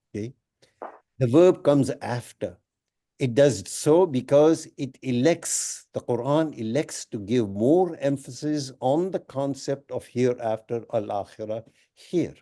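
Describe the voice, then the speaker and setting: Guy teaching a quran class, slow and deliberate, mellow low-key voice, mid pitch. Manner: measured, deliberate, with many pauses and emphatic phrases. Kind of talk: lecture explaining Arabic grammar of scripture. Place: Islamic center.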